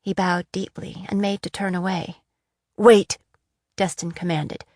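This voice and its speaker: Give me a woman narrating a fantasy novel, steady and measured, with a low voice. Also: no room sound, studio quality. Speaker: audiobook narrator. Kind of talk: scripted narration.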